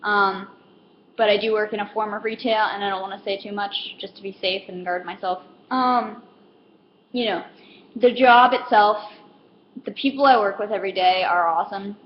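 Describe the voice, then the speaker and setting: A woman's voice: mid-range voice, steady tone, normal speed. A young woman in a casual comedic monologue, rambling with lots of fillers and acting out customers. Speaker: comedic vlogger. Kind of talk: casual stand-up style monologue. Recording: roomy, dull lo-fi with faint hiss.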